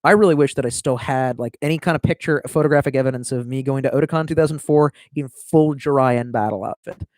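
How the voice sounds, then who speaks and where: A man's voice: medium pitch, fast, few pauses, darkish tone, no echo, studio quality. A man in his thirties chatting casually on a live stream, reading viewer comments and rambling with lots of swearing and self-mockery. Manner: profane, rambling, self-mocking.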